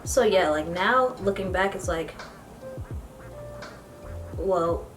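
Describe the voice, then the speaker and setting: Young woman, beauty vlogger, chatty get-ready-with-me story, animated, faint music behind. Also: on the low side, takes it slowly. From United States. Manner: chatty, animated storytelling with bursts of excited squealing.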